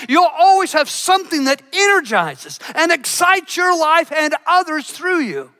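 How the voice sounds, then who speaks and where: A middle-aged man preaches with fervor, often repeating and restarting his words. His voice sits high and sounds bright and forceful. The church hall leaves a long reverb behind him. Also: lively intonation, moderate pace, hardly any pauses. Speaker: pastor. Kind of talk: sermon.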